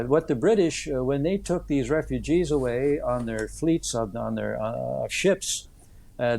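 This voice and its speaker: A man in his seventies, an author answering interview questions in an earnest, thoughtful way, with many "uh" pauses as he tells stories. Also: medium pitch, creaky, warm tone. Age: 70s.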